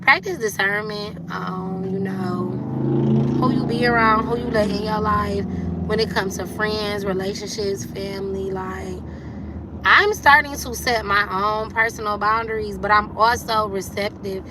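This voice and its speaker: A woman, hosting a livestream and telling stories candidly in casual chat, acting out quotes with sudden leaps up in pitch. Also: fairly even intonation, unhurried, heavy background noise. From Detroit, USA. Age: 30s. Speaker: livestream host.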